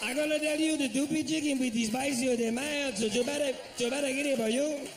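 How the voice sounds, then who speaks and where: A man voicing a male fast-food cashier who speaks broken, halting English, slow and confused. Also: extremely high pitch, steady tone, noisy background, voice pushed up. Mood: insistent. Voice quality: slow, halting speech full of mispronunciations.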